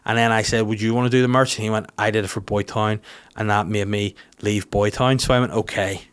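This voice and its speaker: A man's voice: lowish voice, fairly even intonation, a little fast, smooth. A man with a Northern Irish accent hosting a podcast, rambling through a casual comedic monologue, self-deprecating and sweary. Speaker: podcast host.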